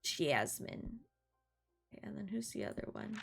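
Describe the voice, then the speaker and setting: A woman's voice: mid-range voice, very animated, normal speed, gravelly, slightly rough, faint music behind. A young woman giving casual, giggly let's-play commentary as she plays a video game. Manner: chatty, giggly, playful. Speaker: gaming streamer.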